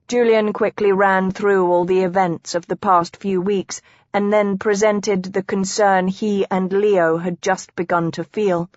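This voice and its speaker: A woman narrates a novel slowly and evenly, her voice sitting a little low. The sound is dry and close, with a dull, lo-fi edge. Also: no echo. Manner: even, measured reading. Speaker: audiobook narrator. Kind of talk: scripted narration.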